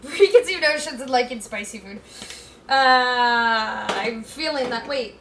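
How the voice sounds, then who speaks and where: High-voiced woman streamer cooking and chatting. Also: measured pace, fairly bright tone, reverberant, far from the mic, a little hiss or hum. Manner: chatty, reads chat aloud, scattered and playful. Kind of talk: casual chat while cooking. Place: home kitchen.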